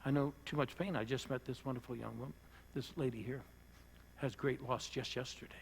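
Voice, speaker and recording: An older man, a pastor, preaching to a church audience and telling a personal story, rising to loud bursts and dropping to hushed lines. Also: medium pitch, steady tone, a little fast, gravelly, slight background noise. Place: church service before a live audience.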